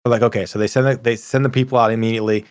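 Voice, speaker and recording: Podcast host, mid-pitched man, chatty and rambling, dry close sound. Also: fairly even intonation, very fast, clean tone, dry recording. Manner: rambling anecdotal storyteller, self-correcting. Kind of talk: casual chat.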